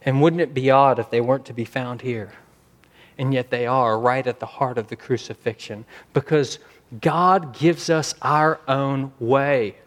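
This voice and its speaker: Male pastor, mid-pitched, earnest sermon delivery, slows and swells for emphasis.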